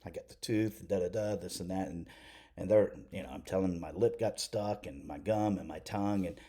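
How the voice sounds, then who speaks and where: A man's voice: sits low, moderate pace, mellow, slightly rough. A middle-aged man, a preacher, rambling through a self-deprecating story to the camera with lots of restarts.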